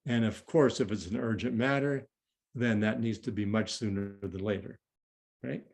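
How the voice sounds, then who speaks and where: A man coaching couples, giving relaxed, conversational advice. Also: lowish voice, moderate pace, creaky. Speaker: relationship coach. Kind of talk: teaching a couples workshop talk.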